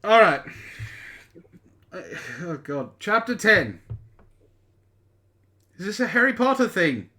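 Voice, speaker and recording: A man's voice: sits high, very animated, a little slow, long pauses, pushed and bright. A man reading a story aloud for laughs, with sarcastic asides between lines. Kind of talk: mocking comedic dramatic reading.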